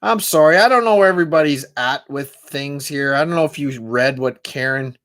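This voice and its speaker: A man's voice: on the high side, a little fast, a bit bright. A man hosting a live stream as a singer-songwriter, chatting casually and jokingly between songs and reading viewer comments aloud.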